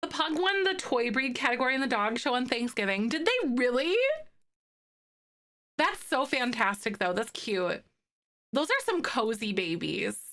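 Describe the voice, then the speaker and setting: A woman's voice: on the high side, normal speed. A young woman, chatting casually on a live stream and reading viewer comments, gushing and cooing over pet photos. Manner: gushing, excitable, coos over pets.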